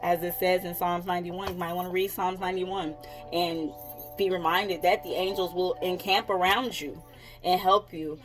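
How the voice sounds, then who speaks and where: A woman in her thirties talks straight to camera as a psychic coach, in a slightly low voice. She is candid and blunt, swears freely and breaks into laughter often. Soft music plays faintly behind her. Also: steady tone, normal speed, poor audio. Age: 30s. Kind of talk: casual vlog talk.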